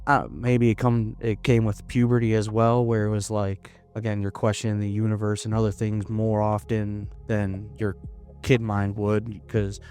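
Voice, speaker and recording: A young man from Florida, a comedian guest in a casual interview, talking in a hesitant, halting way with many restarts. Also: lowish voice, level tone, a little mellow, faint music behind. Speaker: podcast guest, stand-up comedian.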